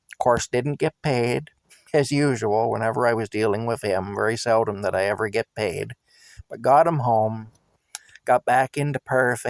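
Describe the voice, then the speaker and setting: A man spinning a yarn from his taxi days, animated and chuckling as he goes. His voice is mid-pitched and the sound is dry and close, with no room around it. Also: dry recording. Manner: animated, quoting people, chuckling. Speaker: former taxi driver. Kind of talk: casual personal storytelling.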